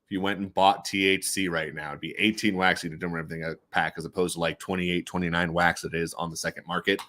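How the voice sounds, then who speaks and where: A man hosting a casual livestream, rambling, laughing often, swearing and breaking into loud high bursts. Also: flat delivery, quick pace. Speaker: livestream host.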